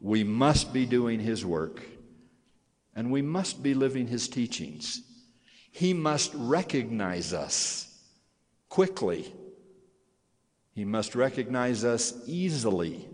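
Slow, solemn man preaching in a large hall. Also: mid-range voice, big pitch swings, a little mellow. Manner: slow, solemn and earnest, swelling on key phrases. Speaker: church leader addressing young members. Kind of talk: sermon. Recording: long hall reverb.

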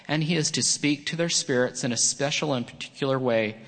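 Middle-aged man with an average pitch, giving an earnest, read sermon; long reverb from a large chapel. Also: fairly quick, a bit bright. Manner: earnest, reads from a prepared text with small slips. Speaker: church speaker. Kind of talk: prepared sermon talk.

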